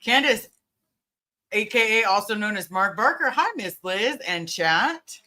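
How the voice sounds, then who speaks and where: A woman's voice: mid-range voice, animated, measured pace, pushed and bright. A woman hosting a casual livestream, earnestly greeting viewers by name and reassuring them. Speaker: livestream host.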